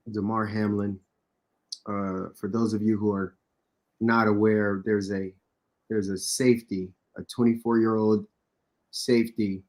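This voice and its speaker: An American man co-hosting a sports podcast, earnest and halting, clearing his throat as he speaks. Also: on the low side, darkish tone. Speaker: podcast co-host. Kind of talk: casual podcast talk and spoken prayer.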